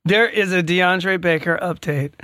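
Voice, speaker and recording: A man's voice: high-pitched, pushed and bright, dry recording, studio quality. A man co-hosting a podcast in casual chat who often stammers and restarts his sentences. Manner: stammers and restarts, quick laugh. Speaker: podcast co-host.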